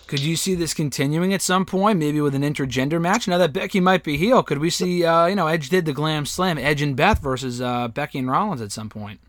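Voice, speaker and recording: A man's voice: a little high, brisk, few pauses, a bit bright, slight background noise. A man hosting a casual wrestling review chat, giving his opinions and swearing casually. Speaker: podcast host.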